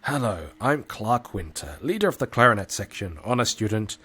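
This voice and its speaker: A man's voice: on the low side, sing-song, normal speed, sharp tone, husky, full character voice. A man voicing a pompous, ambitious teenage boy who leads a clarinet section, speaking in a self-important, speechmaking manner.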